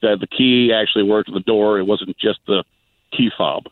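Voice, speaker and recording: A man calling into a radio show, telling an anecdote in a rambling, halting way. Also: lowish voice, fairly even intonation, dry recording. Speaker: caller. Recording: dry phone line.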